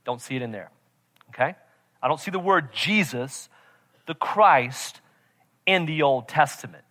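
A man preaching a sermon as pastor, emphatic, swinging from shouts to quiet intensity and often checking in with "right?". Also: medium pitch, animated, unhurried, pauses often. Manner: emphatic, repeats "right?" to the congregation.

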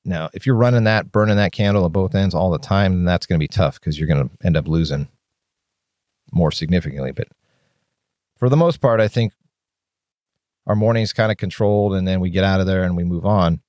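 A man's voice: low-pitched, a little fast, long pauses, darkish tone, no echo, studio quality. A man hosting his own podcast as a firefighter, talking openly and bluntly with casual swearing and rambling restarts. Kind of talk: candid solo podcast monologue.

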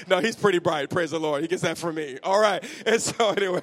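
A man's voice: high voice, a little fast, few pauses. A man in his thirties, a pastor, telling a funny personal story that builds into fervent preaching. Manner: humorous, self-mocking asides. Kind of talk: sermon.

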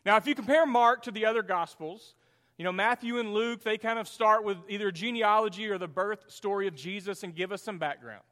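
A man preaching a sermon as pastor, animated and drawing the congregation into call and response. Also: high-pitched, a little fast, long reverb tail.

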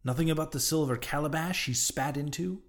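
A man's voice: fairly high pitch, a little fast, pitched above the performer's own voice, natural voice. A man voicing a ragged old male sailor prophet who talks in emphatic, mocking old-fashioned sea speech. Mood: ominous. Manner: archaic sailor talk, emphatic, derisive.

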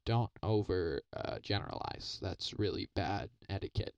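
A man riffing as a guest in an improvised comedy podcast bit, rambling in a deadpan, absurd, boastful way. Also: deep voice, moderate pace, creaky, dry recording, dull audio.

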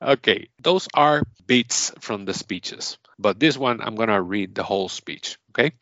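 A man's voice: lowish voice, lively intonation, unhurried, a bit bright, highs cut off. A man hosting a casual quiz, upbeat and laughing often. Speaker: quiz host.

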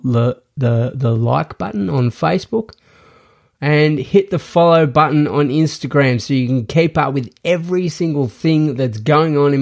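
A man hosting a podcast in a casual, rambling monologue full of restarts and fillers. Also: medium pitch. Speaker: podcast host.

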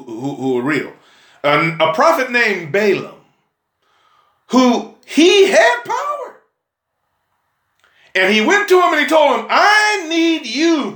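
A man preaching a sermon emphatically, breaking into shouts and prodding listeners with "huh?". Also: very high voice, reverberant. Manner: emphatic, call-and-response "huh?", sudden shouts.

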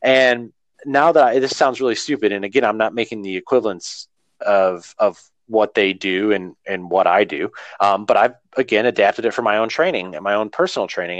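A man's voice: on the low side, no echo, highs cut off. A man in casual podcast conversation, an earnest and rambling storyteller talking through his running training. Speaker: runner talking about training.

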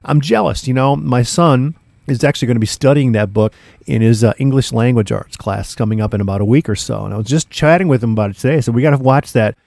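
A middle-aged man talks close to a studio mic as a radio host. His voice is gravelly and the sound is dry. He rambles with slang and fillers and gets excited in bursts. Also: mid-range voice, fast talker, no room sound. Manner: excitable, laid-back hipster slang, many fillers. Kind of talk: casual radio show patter.

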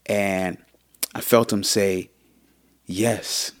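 A man in his thirties co-hosting a casual faith podcast, earnest and animated as he tells stories. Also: fairly low pitch, normal speed, no echo, studio quality. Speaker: podcast co-host.

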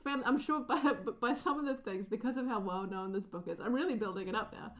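A woman's voice: on the high side, fairly quick, fairly bright tone. A woman co-hosting a book podcast in casual, playful chat with jokey asides. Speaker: podcast co-host.

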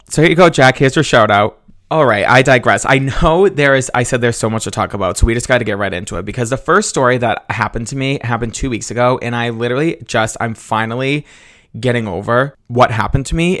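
A young man from Massachusetts hosts a solo podcast and spills gossip in a loose, swearing, chatty tone, often breaking into laughs. His voice sits at an ordinary middle pitch and sounds close and dry, with almost no room sound. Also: a bit bright, dry recording. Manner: gossipy, profane, laughs while telling. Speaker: podcast host. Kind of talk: casual solo podcast storytelling.

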